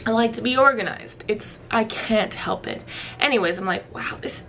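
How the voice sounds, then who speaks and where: A young woman vlogger tells a story to camera in a casual, chatty way, filling her speech with "like" and acting out how she reacted back then. Her voice is a little high and a bit bright, at normal speed, with a little hiss or hum on the recording.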